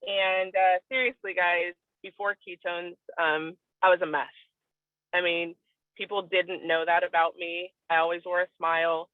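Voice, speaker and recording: A woman's voice: lowish voice, flat delivery, unhurried, dry recording. A woman giving an earnest, emotional personal testimony on a video call, candid and at times tearing up. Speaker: guest sharing a testimonial. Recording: tinny, dry phone-line audio.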